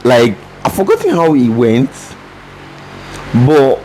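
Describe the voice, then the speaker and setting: Young man, mid-pitched voice, halting casual podcast talk, faint hiss. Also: huge pitch swings, mellow, rough recording. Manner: hesitant, many restarts and fillers. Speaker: podcast co-host. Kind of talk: casual chat. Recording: faint background noise.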